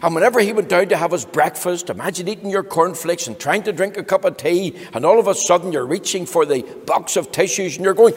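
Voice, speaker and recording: A man reading a children's storybook aloud, animated and playful, talking directly to the children. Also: fairly high pitch, fairly quick, breathy edge. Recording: long hall reverb.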